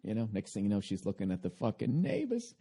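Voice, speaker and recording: A man's voice: on the low side, huge pitch swings, quick pace, dark tone, husky. A man hosting a podcast, delivering a rambling, sarcastic comedic rant full of swearing. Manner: sarcastic, self-mocking. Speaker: podcast host.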